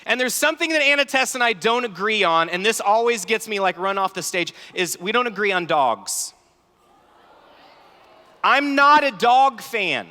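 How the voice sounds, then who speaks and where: Guy in his 30s preaching to a youth crowd, high bright voice, big hall echo. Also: normal speed. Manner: animated storytelling, acts out dialogue. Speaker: youth conference speaker. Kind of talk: sermon-style talk with stories. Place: large conference hall. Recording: large hall reverb.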